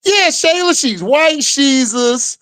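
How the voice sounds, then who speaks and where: A man's voice: extremely high pitch, animated, slow pace, a bit bright. A man hosting a livestream, casually commenting and reacting to chat, drawling and laughing often in slangy talk. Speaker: livestream host.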